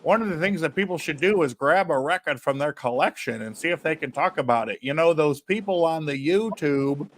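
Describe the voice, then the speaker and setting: Virginia accent, folksy record dealer, male, put on by a man, exaggerated drawl, slightly high voice. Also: animated, fairly quick, few pauses, close to an everyday voice.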